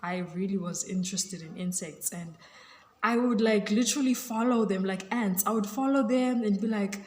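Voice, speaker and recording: A woman's voice: mid-range voice, normal speed, darkish tone, echoey room. A woman from Africa, chatting casually to camera in a gushing way, full of "like" and "you know". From South Africa. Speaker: vlogger.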